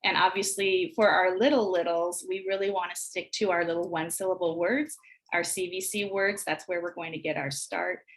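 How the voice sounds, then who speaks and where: An American woman demonstrating early literacy exercises, sounding out words slowly and deliberately. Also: on the low side, fairly even intonation. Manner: slow, deliberate sounding out of phonemes. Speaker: teacher trainer. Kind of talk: instructional screencast demonstration.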